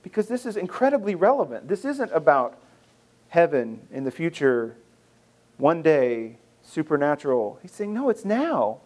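A man's voice: a little high, lively intonation, normal speed, a little mellow. A man preaching a sermon in an earnest, conversational way, often repeating phrases and restarting. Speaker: pastor.

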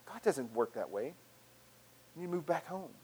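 A man's voice: fairly high pitch, sing-song, measured pace, dark tone, a little hiss or hum, rough recording. A male pastor preaching a sermon in an earnest, conversational way, often restarting his phrases.

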